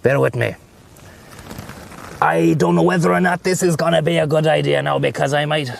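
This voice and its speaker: Gravelly-voiced Irish man streaming from a car. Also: fairly high pitch, steady tone, normal speed, long pauses, a little hiss or hum. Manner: rambling, profane banter. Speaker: livestreamer. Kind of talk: casual chat while driving.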